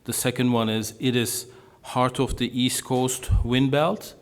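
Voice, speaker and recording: A middle-aged man with a Turkish and Norwegian accent, presenting at a conference panel, halting with many fillers. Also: medium pitch, steady tone. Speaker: panelist presenting on offshore wind. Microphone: handheld or table microphone.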